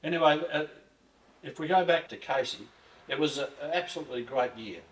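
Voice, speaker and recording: Fairly quick and on the high side, an older Australian man's voice carries a rambling, earthy storytelling style, complete with restarts and mild swearing. He's a guest in a relaxed reminiscing interview, recorded roomy and distant.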